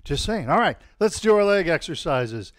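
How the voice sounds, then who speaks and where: A man teaching a live-streamed tai chi class at home, calmly calling out movements and telling deadpan puns to an audience he can't hear. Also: fairly high pitch, moderate pace, no room sound, clean studio sound. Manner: calm cueing of movements mixed with deadpan puns.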